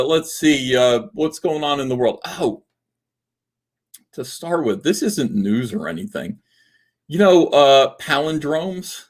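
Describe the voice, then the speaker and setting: A man hosting a casual livestream, rambling and joking with lots of fillers. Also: medium pitch. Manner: rambling, jokey, filler-heavy. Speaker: livestream host.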